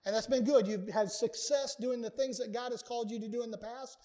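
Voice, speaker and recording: High-pitched guy preaching in church, earnest, keeps repeating words for emphasis. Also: fairly quick, mellow. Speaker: pastor. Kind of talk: sermon. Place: church sanctuary.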